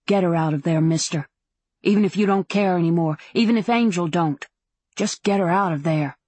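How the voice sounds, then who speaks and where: A woman voicing a drunk, tearful young saloon woman who slurs her words and talks roughly. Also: lowish voice, normal speed, a little mellow, no echo. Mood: urgent. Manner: slurring, rough-spoken.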